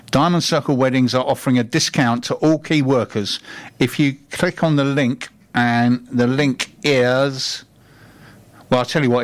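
A man hosting a casual local radio show, reading out listener tweets with jokey asides and stumbling restarts. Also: mid-range voice.

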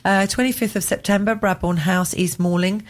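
A woman's voice: medium pitch, fairly even intonation, normal speed. A woman co-presenting on local radio, chatting and reading event details at an easy pace. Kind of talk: casual radio chat.

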